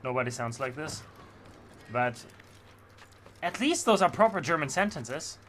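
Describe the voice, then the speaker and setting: A man's voice: medium pitch, pushed and bright, a little hiss or hum. A man streaming a video game, rambling in passionate, opinionated casual commentary. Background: game music.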